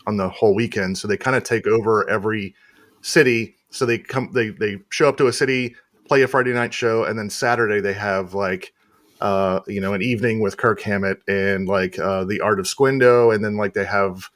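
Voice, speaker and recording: A man appearing as a podcast guest, telling a story in a relaxed, rambling way with many fillers. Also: on the low side, moderate pace, no room sound, studio quality. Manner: rambling, lots of uh and you know. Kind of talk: casual chat.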